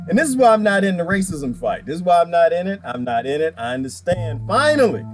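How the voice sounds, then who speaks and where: A man's voice: a little high, very animated, quick pace, hardly any pauses, faint music behind. A man talking casually on a live stream, answering viewer comments by name, rambling and emphatic and often repeating himself. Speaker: vlogger reading viewer comments.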